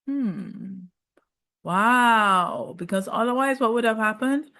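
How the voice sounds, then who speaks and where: A woman's voice: medium pitch, animated, unhurried, a bit bright. A woman giving a chatty, gossipy recap of a reality show in casual talk, often laughing. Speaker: reality TV reviewer.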